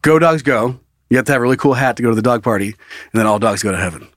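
A man's voice: medium pitch, fast, a bit bright, no echo, clean studio sound. A man co-hosting a comedy podcast, retelling a news story in casual banter, laughing often and swearing freely. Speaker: podcast co-host.

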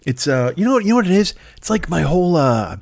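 A man's voice: a little high, sing-song, quick pace, creaky, darkish tone, dry recording. Solo podcast host, man in his 50s, profane and self-deprecating, dry close sound. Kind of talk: rambling solo podcast monologue.

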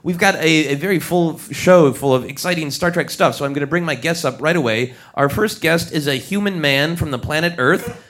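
A man's voice: on the high side, a little fast, a bit bright. A man hosting a live podcast on a theater stage in front of an audience, upbeat and jokey. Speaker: podcast host.

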